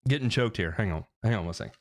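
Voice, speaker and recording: A man's voice: fairly low pitch, animated, rapid-fire. A man hosts a laid-back livestream question session, talking loosely and restarting his sentences often. He slips in joking asides as he goes. He speaks into a headset microphone. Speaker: host of a lawn care livestream. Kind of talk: casual livestream Q&A. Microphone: headphones with mic.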